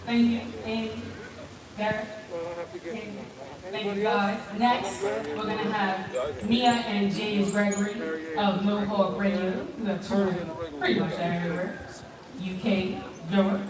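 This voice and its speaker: A woman emceeing a live reception on a handheld stage mic, breezy and playful as she riffs between announcements. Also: medium pitch. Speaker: event emcee. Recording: echoey hall, far from mic, crowd noise. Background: chattering crowd.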